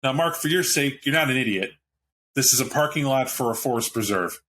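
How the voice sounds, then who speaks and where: A man narrating as game master of a tabletop role-playing game, rambling and animated. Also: mid-range voice, fairly quick, slight background noise, poor audio.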